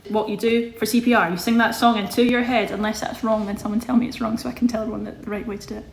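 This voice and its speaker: A woman's voice: a little high, flat delivery, racing, gravelly, slight background noise. Chatty echoey young woman from Scotland. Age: 20s. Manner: chatty, rambling, self-correcting. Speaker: livestream host. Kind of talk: casual livestream chat reading comments. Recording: echoey room.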